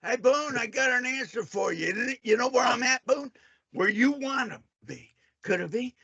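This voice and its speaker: A man's voice: very high-pitched, animated, normal speed, creaky, pushed and bright, slightly rough, no room sound. A man in a heated argument who taunts his opponent and keeps cutting in to demand a turn. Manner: taunting, keeps cutting in with repeated calls for attention. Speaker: debater.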